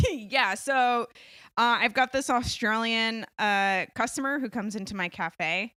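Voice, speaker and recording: A woman's voice: fairly high pitch, takes it slowly, pushed and bright, clean tone, dry recording, clean studio sound. A young woman co-hosting a casual podcast, giggly and bashful, easily embarrassed. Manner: giggly, bashful, self-conscious. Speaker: co-host.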